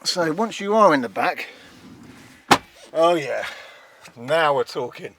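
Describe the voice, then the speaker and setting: A man with a voice on the high side shows off the inside of a passenger van in a casual, hands-on vlog demo. He talks slowly and expressively in a wry, self-mocking way, with a noisy background.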